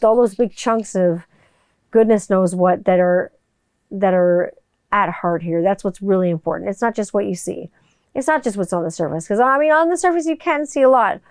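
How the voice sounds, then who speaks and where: A woman's voice: mid-range voice, a little mellow, smooth, no room sound, clean studio sound. Candid, profane woman podcast host. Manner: candid and profane, with rambling restarts. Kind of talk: casual solo podcast monologue. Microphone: studio microphone.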